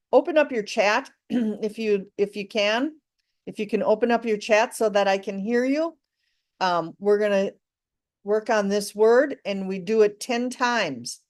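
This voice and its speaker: A woman teaching an online English lesson, slow and deliberate, encouraging her students. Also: mid-range voice, a little mellow. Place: live online class.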